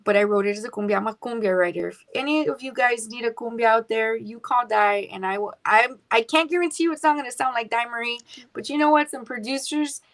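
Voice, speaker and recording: A woman's voice: on the high side, brisk. A young adult woman, chatting as a singer-songwriter guest in a radio interview, dropping in Spanish words. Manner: chatty, warm laughter, mixes in Spanish words.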